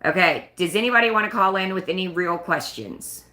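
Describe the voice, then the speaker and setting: A woman's voice: lowish voice, lively intonation, fairly quick, bright, forceful tone, roomy sound. A woman hosting a casual live stream, chatting and rambling in a self-conscious way. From United States. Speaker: livestream host.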